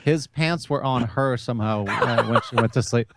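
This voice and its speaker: A man's voice: mid-range voice, normal speed, heavy background noise. Easygoing man in casual chat. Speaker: returning podcast guest.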